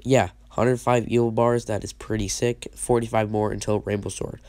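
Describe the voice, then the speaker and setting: A man's voice: fairly low pitch, flat delivery, moderate pace, darkish tone, no echo. A man with a sick voice giving casual, rambling game commentary, often stopping to restart his sentences. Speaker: gaming channel host.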